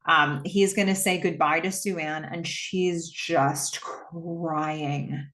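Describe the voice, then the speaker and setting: A woman's voice: low voice, steady tone, drawn-out words, fairly bright tone. A woman casually retelling a film's plot, chatty with lots of fillers and visibly moved. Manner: conversational with many fillers, emotional. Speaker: film recap host. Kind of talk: casual movie recap.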